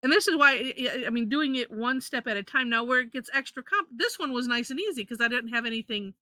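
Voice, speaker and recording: A woman's voice: on the high side, animated, fast, bright, forceful tone, no echo. A woman leading a live drawing lesson, chatty, correcting herself and laughing often. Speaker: drawing instructor.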